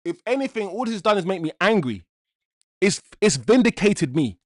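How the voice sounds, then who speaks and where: Male watch-along host, frustrated rant full of curses, fairly high voice, dry close sound. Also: big pitch swings, normal speed, no room sound. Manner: exasperated ranting with frequent swearing; repeats himself while venting. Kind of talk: live football watch-along commentary.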